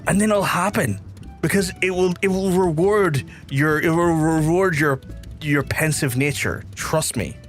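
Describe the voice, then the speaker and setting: A man from Belfast with a softened Belfast accent, streaming a game and chatting casually with viewers in a rambling way, repeating phrases and swearing now and then. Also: on the high side, a little slow, faint music behind. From Belfast, Northern Ireland. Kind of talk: casual livestream chat with viewers.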